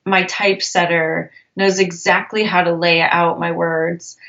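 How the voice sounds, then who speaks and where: Lower-voiced woman giving publishing tips, upbeat and practical, muffled audio. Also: flat delivery, a little slow, sharp tone. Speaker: publisher guest. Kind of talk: casual interview chat.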